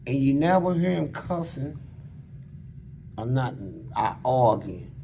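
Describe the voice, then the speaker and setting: An interview guest tells casual stories about prison life in blunt, crude street slang, acting out other people's lines along the way. His mid-range voice is expressive, slow, creaky, and warm. There's a slight hiss or hum in the recording.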